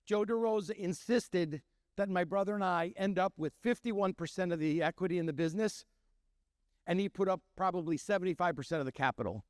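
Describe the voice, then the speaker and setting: Animated storytelling man, dry close sound. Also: high-pitched, a little fast, dry recording. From Milwaukee, Wisconsin. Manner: animated storytelling, acting out quoted voices. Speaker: chef and restaurant owner. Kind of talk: storytelling talk to an audience.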